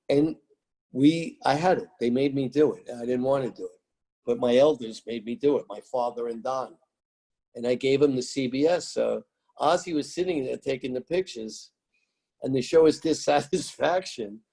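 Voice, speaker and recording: Gravelly and slightly rough yet a little mellow, a mid-range male voice belongs to an American telling music-business stories in an interview. He is emphatic and rambling, often repeating phrases as he tells his animated tales.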